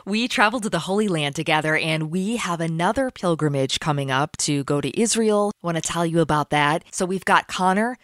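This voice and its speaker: A woman's voice: lowish voice, a little fast, few pauses, a bit bright, dry recording, studio quality. A woman hosting a faith-based radio show in a chatty, upbeat way, laughing easily as she talks to listeners. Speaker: podcast host.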